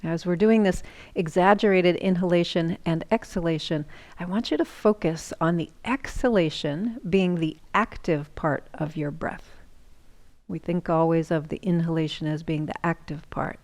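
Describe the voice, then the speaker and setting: A woman yoga instructor giving calm, slow breathing cues, sometimes dropping into a whisper. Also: lowish voice.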